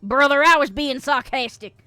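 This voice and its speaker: A woman's voice: high-pitched, moderate pace, sharp tone, no room sound, pitched above the performer's own voice. A woman putting on a posh British accent to voice a prim, proper lady reading aloud. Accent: British, put on.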